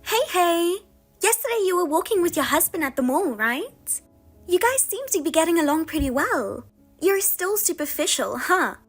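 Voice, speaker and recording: A woman's voice: very high voice, big pitch swings, normal speed, faint music behind, exaggerated voice. Woman doing a smug, taunting younger sister. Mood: teasing. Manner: taunting, mocking, sing-song.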